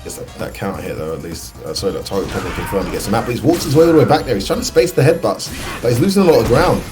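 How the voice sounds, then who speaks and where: Fast, animated British man commentating. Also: on the low side, over music. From United Kingdom. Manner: excitable, chatty, laughs often. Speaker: esports commentator. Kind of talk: live fighting-game commentary.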